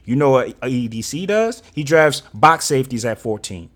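A sports podcast co-host with a mid-range, sing-song voice rants at a moderate pace about his team's coaching and drafting. Fired up and frustrated, he swears angrily, and his heated casual tirade climbs into shouting.

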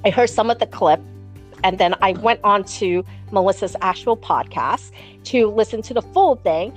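A woman's voice: medium pitch, normal speed, faint music behind. A woman telling a long gossip story in casual chat, swearing freely and acting out what others said. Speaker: podcast guest.

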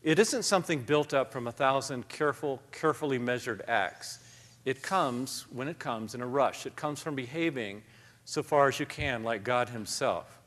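A man talks onstage as a guest author, his voice ringing out with a long echo through a large hall. His pace is steady, and his delivery is reflective and self-deprecating. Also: medium pitch, normal speed. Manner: thoughtful, self-deprecating, reads passages aloud. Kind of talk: live onstage conversation.

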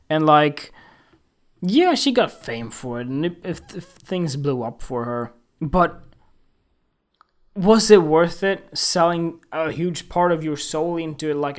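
Man in an indignant, profane rant. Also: fairly high pitch. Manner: indignant, emphatic and profane, with halting restarts. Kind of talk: casual opinion rant to camera.

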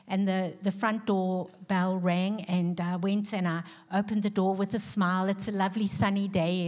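A middle-aged woman with a South African accent, a guest speaker in church, telling her own story earnestly with frequent ums. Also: mid-range voice. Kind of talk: personal testimony in a church service.

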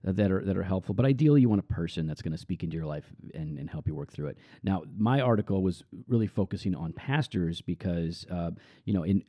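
A man's voice: low voice, lively intonation, quick pace, mellow, no echo. A man, a pastor, speaking earnestly and reflectively in a podcast interview. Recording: dull lo-fi dry sound.

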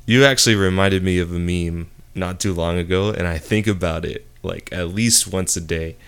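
A man's voice: sits low, normal speed, clean tone. A young man chatting casually with friends on a podcast, laid-back and self-deprecating, swearing often. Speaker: podcast co-host. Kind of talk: casual chat among friends.

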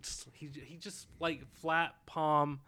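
A man's voice: on the high side, flat delivery, slow pace, bright, forceful tone, smooth. A man casually recapping a film plot on a podcast, rambling with lots of fillers. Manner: rambling, filler-heavy storytelling. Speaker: podcast co-host.

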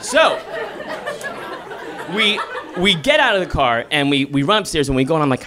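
Animated man telling a comic story. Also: moderate pace, crowd noise, noisy background. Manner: animated, self-deprecating, jumps into high squeals for quoted lines. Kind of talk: live storytelling to an audience.

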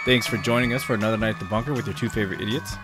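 A man's voice: on the low side, very fast, music in the background. A man co-hosting a podcast, telling a story casually, rambling with restarts and swearing freely. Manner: rambling with many restarts, profane. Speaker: podcast co-host.

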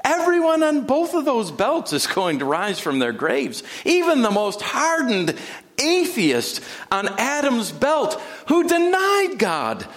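A man delivering a sermon in a high, lively voice that swings widely in pitch. He speaks slowly and deliberately, dropping to a near hush and then climbing into ringing emphasis. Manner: dramatic, with sudden drops to a hush and rising emphasis. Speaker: pastor. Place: church sanctuary.

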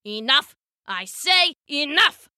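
A woman's voice: high-pitched, very animated, takes it slowly, background noise, pitched above the performer's own voice, heavily acted. A woman playing a shrieking, greedy king. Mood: furious. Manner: shrieking, blustering. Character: greedy raging male king.

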